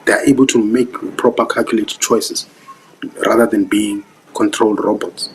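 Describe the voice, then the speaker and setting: A man's voice: on the low side, flat delivery, moderate pace, a little hiss or hum, low-quality recording. A young South African man with a South African accent giving casual live-stream commentary, earnest and preachy, who keeps asking whether you understand. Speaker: vlogger.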